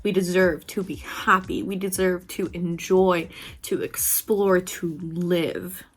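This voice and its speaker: A woman's voice: fairly low pitch, steady tone, takes it slowly, slightly rough, soft background music. Candid, profane woman vlogger. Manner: candid, profane, laughs often, swings between loud and soft. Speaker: beauty vlogger. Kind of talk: casual motivational talk while doing makeup.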